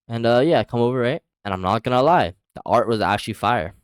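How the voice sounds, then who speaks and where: A man's voice: medium pitch, quick pace, hardly any pauses, smooth, no room sound. A young man casually telling a storytime story to his viewers, slangy and profane, with lots of fillers.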